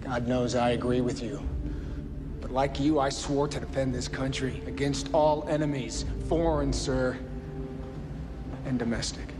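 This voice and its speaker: An actor playing a loyal military team commander who pleads earnestly and then flatly refuses orders in a film scene. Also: male voice, mid-range voice, unhurried, music in the background, natural voice. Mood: earnest, pleading. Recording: film clip, roomy, with loud score.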